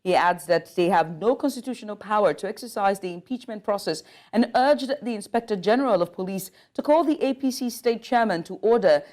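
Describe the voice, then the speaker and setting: A woman's voice: mid-range voice, darkish tone. A woman anchoring a news bulletin, reading stories and then interviewing a guest, with occasional slips and restarts. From Nigeria. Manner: reads with small slips and restarts.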